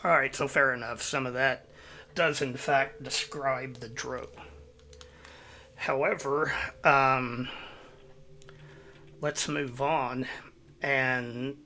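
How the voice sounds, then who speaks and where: A man hosting his own video, giving a measured, explanatory voice-over. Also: mid-range voice, steady tone, pushed and bright, a little hiss or hum. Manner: measured, explanatory, citing sources. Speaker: YouTube host.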